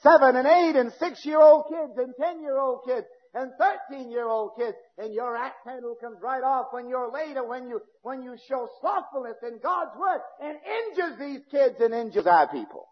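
A male pastor preaching a fiery sermon, swinging between shouting and low, intense speech, in a church sanctuary. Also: normal speed, hardly any pauses. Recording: dull lo-fi recording with long hall reverb.

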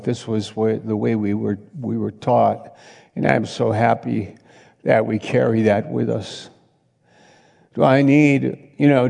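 A man preaching a sermon as a pastor, slow and halting with frequent restarts. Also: mid-range voice, gravelly, darkish tone, in a large hall.

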